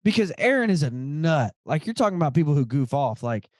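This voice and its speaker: A man hosting a podcast, telling a story in a casual, animated way and acting out the dialogue. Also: on the high side, fairly quick, no room sound, clean studio sound. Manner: animated, quotes friends in dialogue, says dude a lot. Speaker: podcast host.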